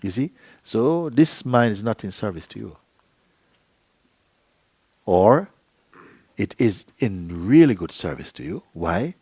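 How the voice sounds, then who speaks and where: A man's voice: fairly low pitch, sing-song, takes it slowly, pauses often, a little mellow, breathy edge, dry recording. A man giving a spiritual talk to a gathering. He talks playfully, acts out little dialogues and laughs often. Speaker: spiritual teacher. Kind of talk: satsang talk. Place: meeting hall.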